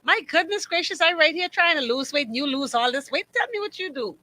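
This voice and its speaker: A woman with a Bahamian accent mimicking a nosy, tactless woman who remarks on someone's weight, in a high, exaggerated, prying voice. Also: lively intonation, a little fast, sharp tone.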